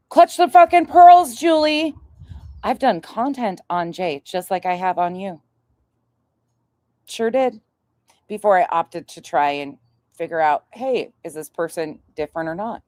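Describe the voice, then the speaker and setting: A woman's voice: fairly low pitch, unhurried, darkish tone, no echo, studio quality. A woman creator ranting on a livestream, profane, sarcastic and combative. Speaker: online creator. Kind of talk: heated livestream rant.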